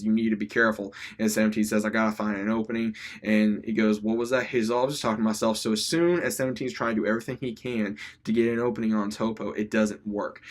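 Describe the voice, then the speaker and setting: A young man casually retelling an episode as its reviewer, enthusiastic, rambling, with many restarts and constant "he says". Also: lowish voice. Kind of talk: casual recap.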